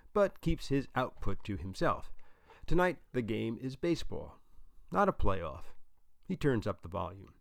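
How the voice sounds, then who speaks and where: A man's voice: medium pitch, vocal fry, dry recording, studio quality. A man narrating an audiobook with a wry, dryly humorous delivery.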